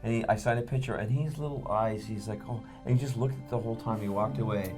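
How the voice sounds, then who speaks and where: A man telling an animated anecdote about meeting a fan, acting out the voices in the story. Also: fairly low pitch, fast, music in the background. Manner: acts out voices in his story. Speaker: actor telling a convention story.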